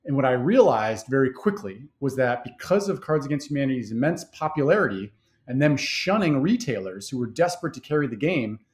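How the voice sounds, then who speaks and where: Man in a business interview, mid pitch, casual and unpolished. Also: animated, fairly quick. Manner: easygoing, many fillers and restarts. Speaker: game creator guest. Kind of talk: conversational interview.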